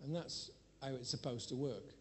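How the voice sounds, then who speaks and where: A man preaching to a congregation and telling a candid personal story with self-mocking humor and sudden changes in loudness. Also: medium pitch, normal speed, breathy edge. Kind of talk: sermon.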